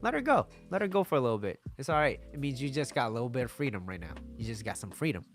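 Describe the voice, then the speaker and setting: A man's voice: mid-range voice, lively intonation, very fast, faint music behind. A man giving casual dating advice in a monologue, blunt and swearing freely, laughing and acting out both sides of conversations.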